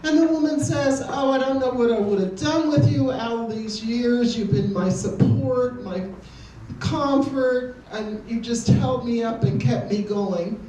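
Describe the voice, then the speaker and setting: A woman's voice: on the high side, unhurried, warm tone, slight background noise. Older woman telling jokes in an echoey hall. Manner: easygoing, anecdotal joke delivery. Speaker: amateur stand-up comedian. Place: community hall with an audience. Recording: echoey hall, distant room mic.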